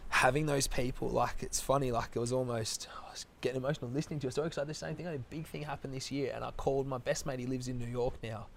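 Bloke, gravelly fry, emotional and candid panel guest. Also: male voice, medium pitch, fairly even intonation, rapid-fire, hardly any pauses. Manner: open and emotional, quietly intense. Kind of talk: emotional sharing in a group chat.

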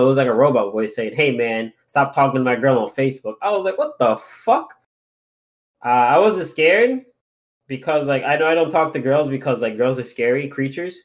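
A young man rambling casually in a group call, full of fillers and jokes. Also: medium pitch. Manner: rambling, many "like" fillers, joking.

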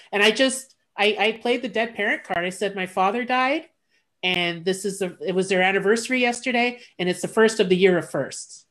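A woman's voice: mid-range voice, moderate pace. A woman in casual conversation, candidly retelling a personal story, with frequent restarts and blunt asides. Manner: candid, animated retelling with quoted voices, blunt.

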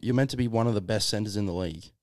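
A man's voice: fairly low pitch, rapid-fire, no room sound, studio quality. A man co-hosting a casual sports podcast, easygoing and prone to trailing off mid-thought. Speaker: podcast co-host.

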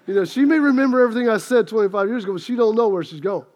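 A man's voice: sits high, racing, a little mellow. A middle-aged man, a pastor, preaching a sermon and telling a funny self-deprecating story about his marriage in a chatty way. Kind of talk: sermon with a humorous personal story.

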